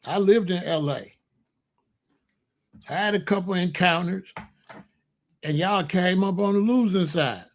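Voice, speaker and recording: A man's voice: high voice, unhurried, pauses often. A man delivering heated, confrontational stream commentary in blunt street slang.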